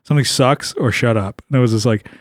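A man's voice: mid-range voice, quick pace, no room sound, clean studio sound. A man co-hosting a podcast, laughing often and trading crude banter in casual chat.

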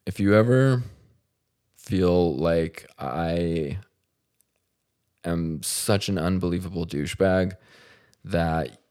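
A man's voice: sits low, slow, pauses often, a little mellow, clear, resonant tone. A man hosting a podcast, telling a story in a profane, exasperated comic ramble. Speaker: podcast host. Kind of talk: rambling comedic monologue.

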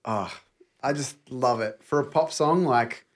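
Australian man, podcast co-host, mid pitch, eager chatty tone, casual swearing. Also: a little slow. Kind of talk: casual chat.

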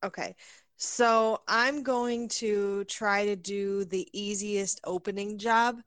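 A woman playing a tabletop game, relaxed and hesitant, full of fillers. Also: mid-range voice, slow pace, clean tone, no echo. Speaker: player. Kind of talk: casual tabletop play.

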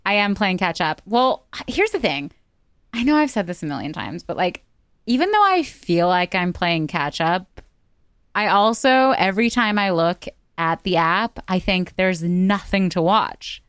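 A woman's voice: fairly low pitch, big pitch swings, unhurried, a bit bright, clear, resonant tone, no room sound, clean studio sound. Snarky chatty woman podcast host. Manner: snarky, chatty, laughs often. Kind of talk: casual chat.

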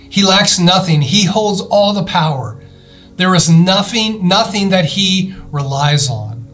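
A man's voice: on the high side, a bit bright. Earnest man preaching a sermon. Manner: earnest preaching, rising emphasis, slowed scripture reading; addresses listeners directly with questions. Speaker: pastor.

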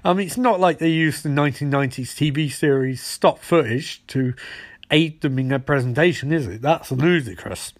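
High-voiced man in a sarcastic recap. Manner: rambling, sarcastic, quick asides. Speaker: show host recapping an episode. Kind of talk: casual recap chat.

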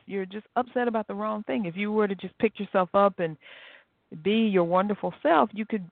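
A woman hosting a podcast on her own, chatting in a lively way and laughing often. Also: mid-range voice, brisk, dry recording. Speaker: podcast host. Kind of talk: casual solo talk. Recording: tinny phone-like sound.

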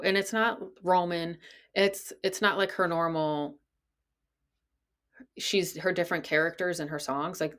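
Unhurried, low-voiced woman podcast host. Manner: incredulous, exasperated, swears freely. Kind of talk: casual solo podcast commentary.

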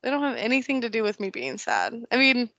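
A woman's voice: fairly high pitch, sing-song, fast, vocal fry, sharp tone, no echo, highs cut off. A woman in her thirties, a podcast guest, chatting candidly and emphatically, laughing often. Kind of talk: casual conversation.

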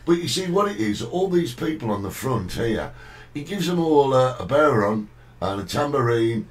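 A man's voice: medium pitch, sing-song, moderate pace, recorded from a distance, rough recording. A man hosting a casual talk show, chatting and reading out viewer greetings. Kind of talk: casual chat.

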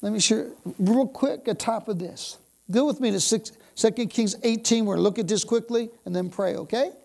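A woman's voice: a little high, normal speed, creaky, a little mellow. A woman preaching a sermon, exuberant, bursting into exclamations of praise and dwelling on repeated phrases.

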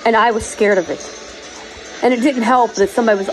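A woman's voice: fairly high pitch, steady tone, brisk, faint music behind, rough recording. A woman hosting a podcast, talking in an earnest, emotional, pleading way. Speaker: podcast host. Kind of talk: casual chat. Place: virtual world.

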